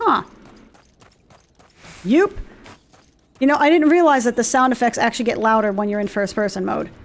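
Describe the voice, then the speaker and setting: A woman's voice: on the high side, normal speed. Tired, chatty woman gamer. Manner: chatty, swears a lot, says she is tired. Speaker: gameplay streamer. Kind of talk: casual let's play commentary.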